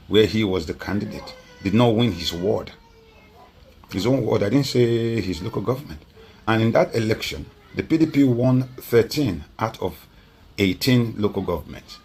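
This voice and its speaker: A man's voice: fairly low pitch, a little mellow, a little hiss or hum. A Nigerian man speaking as a political guest on a TV interview, making emphatic points with rhetorical repetition. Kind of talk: TV interview commentary.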